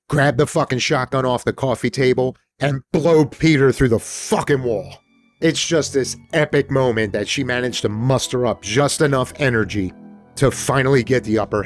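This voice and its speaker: A man hosting a podcast, retelling a film in a casual, animated way, swearing freely and acting out the characters' lines. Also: mid-range voice. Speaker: podcast host.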